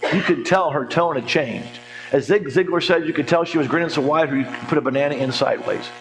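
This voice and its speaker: A man in his forties teaches a church money class, chatting and telling stories. He acts out the people he quotes and slips in jokes. His voice sits a little high, and a faint hum runs under it. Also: brisk. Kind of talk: conversational teaching talk with stories. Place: church hall.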